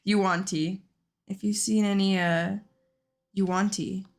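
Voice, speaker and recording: A woman's voice: mid-range voice, fairly even intonation, slow. A woman playing a fumbling young adventurer. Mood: relieved. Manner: stumbling, searching for words.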